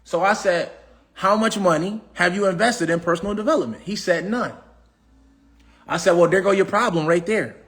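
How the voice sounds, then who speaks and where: Brief: high-pitched man, AAVE, preachy livestream motivational speaker, repeats himself. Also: normal speed, fairly bright tone. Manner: preachy, repetitive, asks the audience questions. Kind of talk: casual motivational talk.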